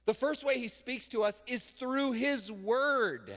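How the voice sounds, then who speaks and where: A man pastor preaching a sermon from a church stage, casual and emphatic, with sudden loud bursts. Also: extremely high pitch, takes it slowly. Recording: long hall reverb in a church.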